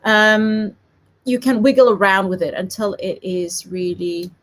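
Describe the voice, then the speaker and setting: A woman's voice: mid-range voice, measured pace. A woman from South Africa with a light South African accent, giving a chatty, giggly live papercraft tutorial. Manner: chatty, giggly, self-deprecating. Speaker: papercraft demonstrator.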